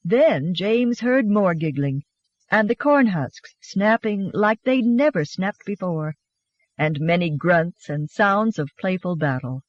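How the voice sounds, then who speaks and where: An audiobook narrator reading a romance novel in an expressive, gently animated storytelling manner. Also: medium pitch, slow, dry recording, highs cut off.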